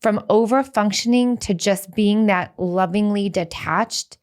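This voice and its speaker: Woman Podcast co-host, mid-pitched, conversational, candid and earnest. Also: unhurried, a little mellow. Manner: candid, earnest personal sharing.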